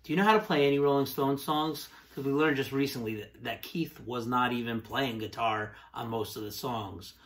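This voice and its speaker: A man playing a blunt, insulting band executive in a satirical comedy sketch, deadpan and cutting. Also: mid-range voice, moderate pace, few pauses, close to an everyday voice. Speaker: interviewer in a sketch.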